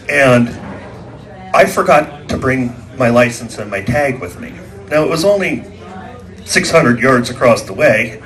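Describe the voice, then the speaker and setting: A man's voice: mid-range voice, fairly bright tone. A man performing a stand-up comedy set for a small live audience, telling folksy stories and acting out the voices and sound effects.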